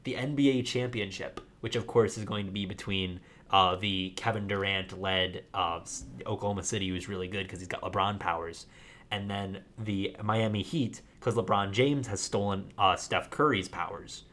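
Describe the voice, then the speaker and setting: A man co-hosting a podcast in casual chat, telling a story in a rambling, animated way full of fillers. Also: deep voice, normal speed. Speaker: podcast co-host.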